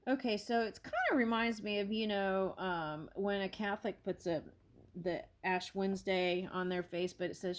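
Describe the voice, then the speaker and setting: Excitable, scattered woman tarot reader. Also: moderate pace. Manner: scattered and excitable, apologizing and backing up; bursts of high-pitched amazement. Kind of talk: casual spiritual reading with read-aloud prayers. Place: home with her dog nearby.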